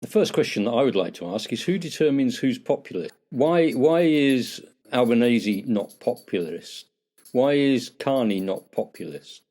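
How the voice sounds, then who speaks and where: Lively, teasing podcast co-host man. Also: medium pitch, normal speed. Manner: teasing, answers with probing questions. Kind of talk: casual political chat.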